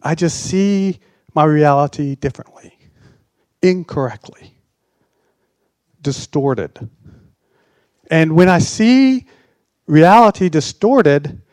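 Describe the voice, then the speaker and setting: Sixties-ish guy preaching, sarcastic storyteller, voice bounces all over, kinda high. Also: a little mellow, dry recording. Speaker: pastor. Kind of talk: sermon with a personal story.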